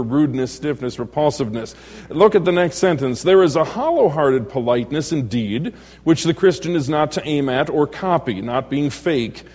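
A middle-aged man with a high-pitched voice preaches an evening lesson in a church. He is jovial and teasing and chuckles as he talks. His voice rings out with a long, reverberant hall echo. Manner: jovial and joking, chuckles often, teases the congregation. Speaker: pastor.

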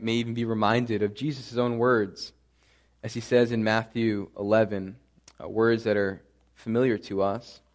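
A pastor preaching a sermon with earnest conviction, repeating phrases and building to emphatic passages. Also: male voice, on the low side.

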